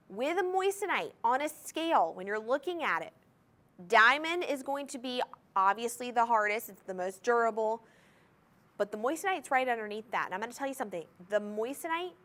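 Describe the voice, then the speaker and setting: An upbeat woman with a slightly high voice hosts a live jewelry sale on a shopping channel. She chats enthusiastically, talking directly to the viewers at home from a TV studio. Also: animated, normal speed, a bit bright. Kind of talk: live TV jewelry sales pitch. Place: TV studio with controlled lighting.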